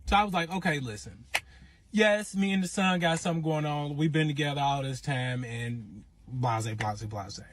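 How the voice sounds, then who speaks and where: A man telling his own relationship story in casual, animated storytime style, acting out quotes. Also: fairly high pitch, normal speed, background noise. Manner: animated, acts out quotes in raised voice.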